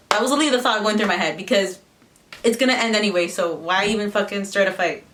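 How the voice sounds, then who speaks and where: A woman's voice: mid-range voice, quick pace, a bit bright, recorded from a distance. Chatty young woman telling a story. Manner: chatty, swearing, mimics others in quotes. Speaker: vlogger. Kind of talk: casual storytime chat.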